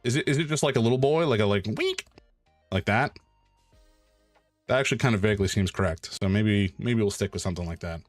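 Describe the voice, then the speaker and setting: A man hosting a charity live stream, chatting casually while he draws and thanking donors in an excitable, joking way. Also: lowish voice, brisk, pauses often, no room sound, faint music behind.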